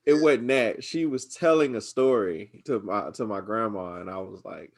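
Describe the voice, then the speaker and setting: A man's voice: fairly low pitch, normal speed, creaky, few pauses. A young man from Georgia, hosting a podcast, who tells stories casually and acts out other people's voices. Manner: animated storytelling, acts out his mom's voice. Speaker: podcast host. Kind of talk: casual chat.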